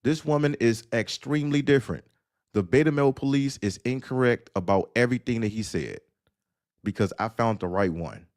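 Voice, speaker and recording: A man's voice: medium pitch, expressive, fairly quick, darkish tone. A man hosting an audio-only live stream, ranting sarcastically and lecturing the listener bluntly. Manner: blunt, addresses listener directly. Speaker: host. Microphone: audio-only stream mic.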